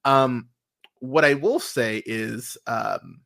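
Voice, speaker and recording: A man's voice: medium pitch, extremely slow, gravelly, fairly bright tone. A man hosting a podcast, chatting casually and animatedly, swearing freely with many fillers and restarts. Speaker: podcast host. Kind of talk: casual podcast review chat.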